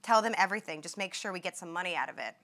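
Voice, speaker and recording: A scheming woman in the next hospital bed, as a woman reads her lines, urging and conspiring in a low, insistent voice. The tone is bright. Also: animated, racing. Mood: conspiratorial.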